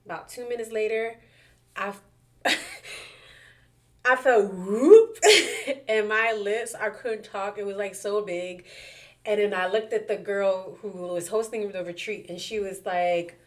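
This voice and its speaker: A young adult woman telling a personal story casually to camera, animated and chatty, with many fillers and repeated words. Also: mid-range voice, slow pace, pauses often. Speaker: vlogger sharing a personal story.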